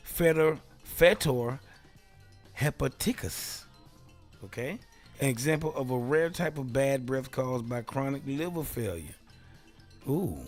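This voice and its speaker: Playful, animated talk show host. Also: male voice, mid-range voice. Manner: playful, self-amused riffing. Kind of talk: casual solo talk show.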